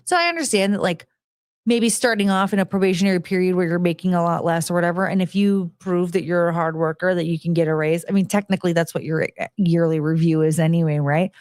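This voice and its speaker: A woman's voice: fairly low pitch, fast talker, darkish tone, no room sound, clean studio sound. Blunt, rambling woman podcast host. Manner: rambling storytelling with fillers and restarts, frank and blunt. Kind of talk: casual monologue about past jobs.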